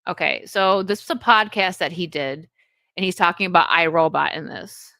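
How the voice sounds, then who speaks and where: A woman's voice: lowish voice, moderate pace, gravelly, sharp tone, no echo. Chatty woman, dry close sound. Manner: rambling, chatty, laughs often. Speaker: host. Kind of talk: casual solo video chat.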